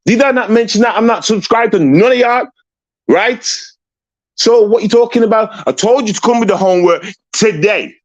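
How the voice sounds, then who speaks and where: A man's voice: sits high, moderate pace, muffled recording. A man hosting a livestream call-in, confrontational and repetitive, swearing and ranting at a caller. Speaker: livestream host.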